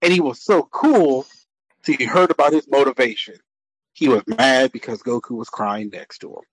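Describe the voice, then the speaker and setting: A man chatting casually on a podcast panel, animated and rambling, quick to laugh. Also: medium pitch, husky, no room sound, low-quality recording. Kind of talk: casual group chat ranking cartoon characters.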